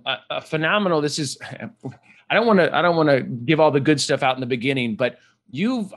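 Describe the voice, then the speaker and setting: A man's voice: medium pitch, fairly bright tone. A man hosting a podcast interview, talking with eager enthusiasm and rambling restarts. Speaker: podcast host. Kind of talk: casual interview chat.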